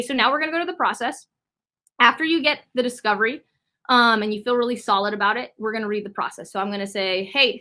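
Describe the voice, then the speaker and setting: Bright-voiced woman coaching a sales team. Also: mid-range voice. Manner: coaching, with frequent "okay" and "all right" check-ins. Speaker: sales trainer. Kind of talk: training video walking through a sales script.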